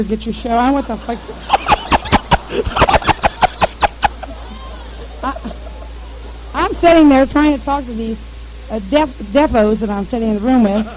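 A woman's voice: fairly high pitch, darkish tone, poor audio. A woman telling a rambling, profane story in casual conversation, mimicking radio chatter and noises along the way.

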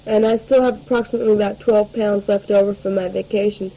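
A woman's voice: mid-range voice, fairly even intonation, quick pace, warm tone, a little hiss or hum, low-quality recording. A teenage girl rambling through a spoken audio letter to her family, full of fillers and restarts, taped at home. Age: late teens. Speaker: letter writer.

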